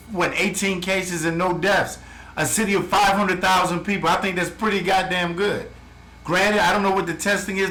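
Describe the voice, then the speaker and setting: A man's voice: sits high, pushed and bright. A man giving a blunt, heated, profane update as a travel vlogger, ranting to the camera from his home. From United States. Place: home in the Philippines. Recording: echoey room, faint background noise.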